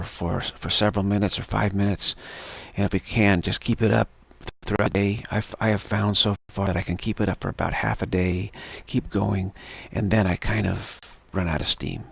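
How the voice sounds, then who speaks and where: A man with a low, gravelly, husky voice gives a livestreamed spiritual lesson. He talks slowly and haltingly, repeating words and filling pauses with "uh". The sound is dry and close. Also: fairly bright tone, no room sound. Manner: slow, halting, repeats words with many fillers. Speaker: spiritual teacher.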